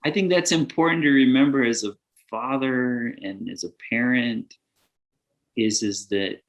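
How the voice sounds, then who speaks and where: A man's voice: mid-range voice, measured pace. Earnest rambling middle-aged man. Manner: rambling, earnest, lots of fillers; laughs often while talking. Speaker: guest. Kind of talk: casual podcast conversation.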